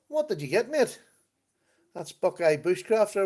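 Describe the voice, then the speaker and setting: A man at a computer at home, hosting a relaxed livestream. He talks in an easy, chatty way, laughs often, and reads out comments from viewers as they come in. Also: high voice, unhurried, pauses often. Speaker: livestream host. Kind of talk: casual chat.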